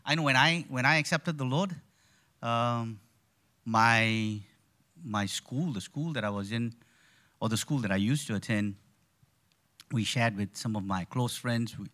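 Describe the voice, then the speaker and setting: A man's voice: mid-range voice, measured pace, long pauses, sharp tone. Friendly pastor joking with his congregation. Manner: friendly, jokey, rhetorical questions. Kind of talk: sermon. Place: church hall.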